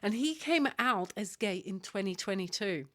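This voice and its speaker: A woman's voice: medium pitch, expressive, moderate pace, fairly bright tone. A woman co-hosting a podcast in casual chat, teasing her co-host and giggling often.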